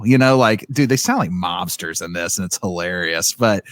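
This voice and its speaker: A man's voice: deep voice, animated, normal speed, no room sound. A man co-hosting a book podcast, talking in a rambling, enthusiastic way with lots of fillers. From living in Indiana. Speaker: podcast co-host. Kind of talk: casual book discussion.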